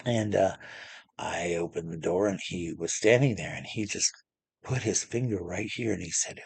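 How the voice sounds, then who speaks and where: Man, storytelling vlog, rambling and chatty, husky, gravelly. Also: low voice, normal speed, darkish tone, no echo. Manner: chatty, rambling, acts out quotes with restarts. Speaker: vlogger. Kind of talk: casual storytelling to camera.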